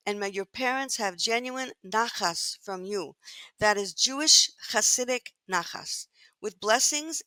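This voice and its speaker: A woman's voice: medium pitch, dry recording. A woman in her sixties, a guest in an interview, telling stories from her childhood and acting out the voices of the people in them. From United States. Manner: animated storyteller who acts out quoted voices. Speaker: guest, longtime magazine editor. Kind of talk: storytelling in an interview.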